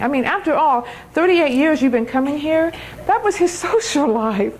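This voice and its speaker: An older woman giving an emphatic testimony sermon at a church, laughing often and slowing down on key phrases. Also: high voice, animated, slight background noise, rough recording. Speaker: speaker at a church.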